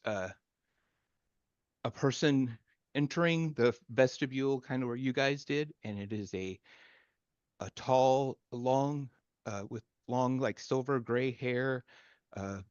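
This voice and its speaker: A man narrating as game master of a tabletop game, halting often with fillers as he describes the scene. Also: mid-range voice, smooth, no echo, highs cut off.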